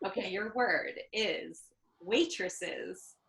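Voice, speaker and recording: A woman's voice: medium pitch, very slow, creaky, fairly bright tone, reverberant. A woman hosting a casual online spelling bee, rambling and giggling between words. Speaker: quiz host.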